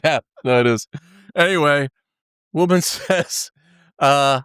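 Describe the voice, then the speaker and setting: A man's voice: medium pitch, expressive, normal speed, fairly bright tone, clean tone, dry recording, studio quality. A man from North Carolina, hosting a casual podcast chat and telling old jokes with frequent laughs. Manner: jokey, laughs often, tells old jokes. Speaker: podcast host.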